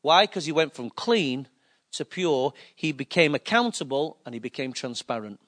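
Male preacher, fairly high voice, lively storytelling sermon delivery. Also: normal speed. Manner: animated anecdotal preaching with acted-out quotes.

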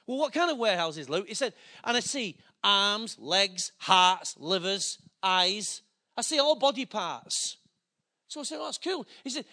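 A man preaching, telling a story with acted-out dialogue and plain emotion. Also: very high voice. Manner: animated, acts out dialogue, gets emotional. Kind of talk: sermon storytelling.

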